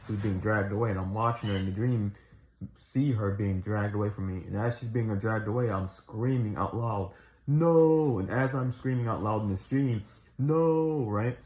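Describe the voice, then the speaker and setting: A man with a somewhat low voice tells a personal testimony in a loose, casual way. He circles back, restarts and repeats himself earnestly. The recording sounds echoey and a little dull. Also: fairly even intonation, fairly quick, a little mellow. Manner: rambling, restarts and fillers, earnest retelling. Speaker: Christian storyteller.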